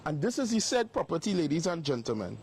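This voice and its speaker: Emphatic high-voiced man. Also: very animated, quick pace, a little mellow, husky. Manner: emphatic, repetitive, accusing. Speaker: live-stream host. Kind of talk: livestream exposé. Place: outdoors by a property.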